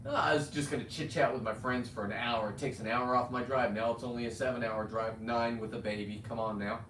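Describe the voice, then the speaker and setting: A man's voice: mid-range voice, fairly even intonation, fairly quick, a bit bright. Blunt rambling man on a livestream. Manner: blunt, rambling, swears and restarts. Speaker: livestream host. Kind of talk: ranting livestream monologue. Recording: roomy sound, distant mic, faint ambient noise.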